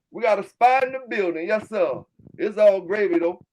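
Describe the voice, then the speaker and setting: A man with a Southern US accent who hosts his own channel about his dog kennel, ranting loudly and with plenty of swearing to his livestream chat. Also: high-pitched, normal speed. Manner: loud, fired-up, profane, keeps repeating filler tags. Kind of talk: livestream rant answering chat.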